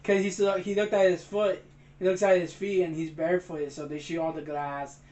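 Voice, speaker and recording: A young man co-hosting a movie review, retelling the plot quickly and excitedly. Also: sits high, roomy sound. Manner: excited, fast retelling, says "bro". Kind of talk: casual movie chat.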